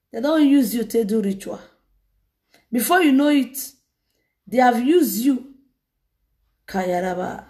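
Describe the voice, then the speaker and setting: A woman evangelist, preaching in an animated way and breaking into laughter often. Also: on the high side. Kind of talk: sermon.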